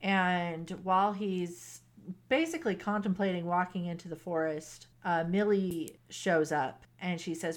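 A woman's voice: fairly low pitch, measured pace. Chatty woman retelling a story with laughs. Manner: animated retelling, quoting characters, laughs often. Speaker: podcast co-host recapping a romance novel. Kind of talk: casual chat.

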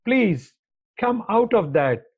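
A male podcast guest with a slightly high voice tells earnest, rambling stories. His audio sounds dull and lo-fi, as if it came through a remote link. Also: very animated, takes it slowly, breathy edge. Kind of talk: casual interview chat.

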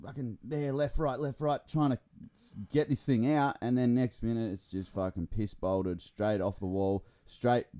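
A man's voice: mid-range voice, fairly even intonation, normal speed, dark tone. A man chatting casually on a podcast, laid-back and adding side remarks. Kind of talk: casual chat.

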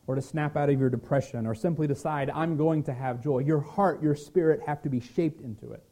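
Man, pastor, sermon, earnest and gentle, slightly high voice, mellow tone. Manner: gentle, earnest preaching with occasional restarts.

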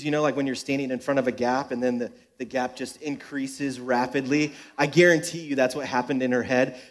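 A young adult man, a pastor, giving a sermon at a church service with joking, self-deprecating personal stories. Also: a little high.

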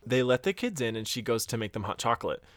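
A man's voice: mid-range voice, sing-song, fast talker, a bit bright, no room sound. A man casually retelling a scary story on a podcast, acting out the quotes and swearing now and then. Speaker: podcast co-host.

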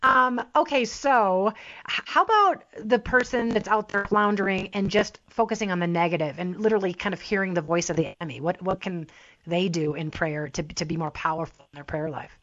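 Female interview host, friendly and relaxed; slightly dull lo-fi sound. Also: medium pitch, fairly quick. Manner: friendly, lightly laughing questions. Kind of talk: casual interview.

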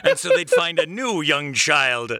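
A man's voice: fairly high pitch, wildly swooping pitch, a little slow, very noisy. A man on a podcast panel, talking goofily in casual chat. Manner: goofy, playful.

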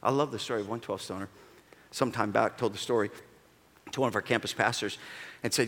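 A man's voice: lowish voice, fairly quick, pauses often, a bit bright. A man preaching a sermon as pastor, with emphatic delivery that calls for answers from the congregation, echoing in a large church auditorium. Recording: long reverb of a large hall.

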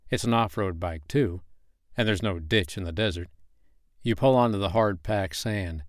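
Low-voiced man narrating a story. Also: no echo, studio quality. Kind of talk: second-person story narration.

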